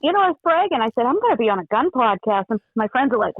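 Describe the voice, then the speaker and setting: A woman from the Boston area with a Boston accent, a podcast guest bantering quickly and sharply while getting over a cold. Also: a little high, very animated, no echo. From Boston area, USA. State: has a cold. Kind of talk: casual chat. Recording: tinny phone line.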